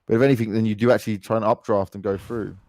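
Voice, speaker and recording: A young man with a London accent giving excitable, chatty play-by-play commentary on an esports match. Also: on the low side, racing. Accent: London English. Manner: excitable, chatty, laughs easily. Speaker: esports caster.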